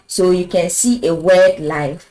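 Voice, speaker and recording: A woman giving a language lesson in front of a board, her voice sitting a little low. She speaks slowly and deliberately, pausing to pose questions to her viewers before she answers them herself. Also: fairly even intonation, warm tone, rough recording. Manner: slow, deliberate teaching with rhetorical questions. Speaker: French teacher.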